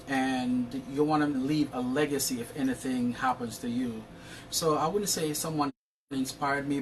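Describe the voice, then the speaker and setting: A Jamaican man with a Jamaican accent and a mid-range voice appears as an interview guest, explaining his insurance work at length in long, earnest answers and often restarting his words. He's recorded from a distance with slight background noise.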